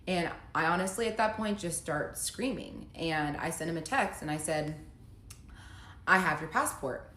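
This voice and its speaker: Woman, lowish voice, emotional storytime monologue, echoey room. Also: expressive, normal speed, a bit bright. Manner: emotional, reads out text messages in her own voice. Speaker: storyteller recounting her own breakup.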